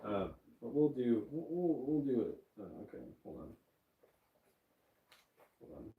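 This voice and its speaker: A man's voice: mid-range voice, very animated, a little slow, narrow, tinny audio. Male streamer, casual self-mocking chatter, roomy echo. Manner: rambling, frequent fillers, self-mocking laughs. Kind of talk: casual chat to viewers. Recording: roomy echo, distant from mic.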